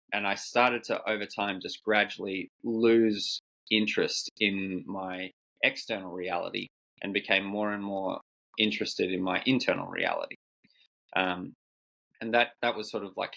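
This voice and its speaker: A man's voice: low-pitched, gravelly, bright, forceful tone, rough recording. A man being interviewed as a coach, telling a personal story in a thoughtful, searching way with many restarts. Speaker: guest coach. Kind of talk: reflective storytelling in conversation.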